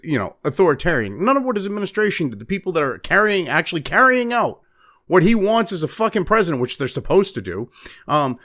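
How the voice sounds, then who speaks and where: A man's voice: high voice, a bit bright. A man from New Hampshire hosting a profane political commentary show, ranting with heavy swearing and lots of fillers. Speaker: host.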